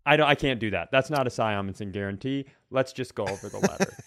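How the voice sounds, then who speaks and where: A man co-hosts a podcast in casual comedic chat, riffing with playful bravado and mock-confident jokes. His medium-pitched, fairly bright voice has lively intonation and a moderate pace, captured as a dry, clean studio recording.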